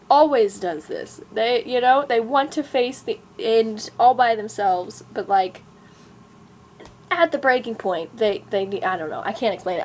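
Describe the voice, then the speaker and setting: A woman's voice: a little high, a little hiss or hum. Rambling, sarcastic young woman ranting. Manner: rambling, sarcastic, chuckles often. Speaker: novelist and vlogger. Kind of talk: casual rant vlog. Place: room at home, growing dark. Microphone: camera mic.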